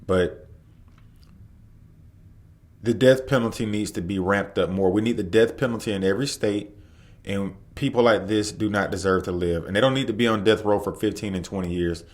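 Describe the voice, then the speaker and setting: A man's voice: lowish voice, normal speed. A man hosting an opinion commentary, blunt and emphatic, punching his key words. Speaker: commentary host.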